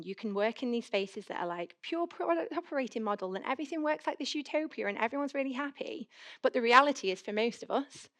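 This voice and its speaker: A young woman speaks quickly and brightly from a conference stage, her voice sitting a little high. She tells stories in a chatty, animated way, slipping into quick voiced asides as she acts out her own thoughts. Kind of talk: conference talk with anecdotes. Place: conference hall.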